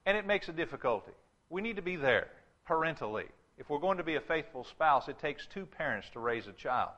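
A man preaching a sermon to his congregation, emphatic, repeating key phrases and reading scripture slowly. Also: fairly high pitch, very animated, sharp tone, dull audio.

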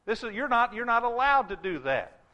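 A man preaching a sermon to his congregation, emphatic, repeating key phrases and reading scripture slowly. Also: extremely high pitch, big pitch swings, muffled recording.

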